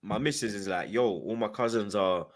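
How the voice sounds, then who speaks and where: A man's voice: lowish voice, moderate pace. A young man telling a story in street slang and acting out what people said. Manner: London slang, acts out quoted lines, excitable. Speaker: podcast guest. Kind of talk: animated storytelling.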